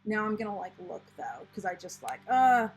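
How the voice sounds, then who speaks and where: A woman's voice: medium pitch, very animated, normal speed, slightly rough, poor audio. An American woman hosting a casual live chat, reading out viewer comments and rambling with lots of fillers. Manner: chatty, rambling, many fillers and restarts. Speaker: planner channel host.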